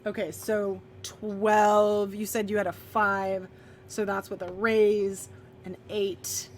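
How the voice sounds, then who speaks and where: A woman's voice: medium pitch, flat delivery, noisy background. A woman acting as game master, narrating a tabletop role-playing game and calling out dice results with frequent laughter. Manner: bright, laughing and quick between dice rolls.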